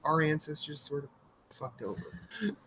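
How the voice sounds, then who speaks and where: Animated, swearing man in his thirties. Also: a little high, moderate pace. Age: 30s. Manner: animated storyteller, swears freely. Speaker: podcast co-host. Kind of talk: casual chat.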